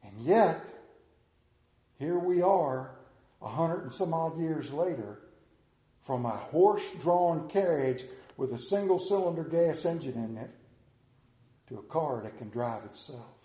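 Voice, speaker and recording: A man preaches with rising feeling, his voice pitched high and swinging widely up and down. He stumbles and repeats words as he gets carried away. The sound rings around a reverberant room. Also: lively intonation, mellow. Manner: emotional, halting, repeats words. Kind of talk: sermon.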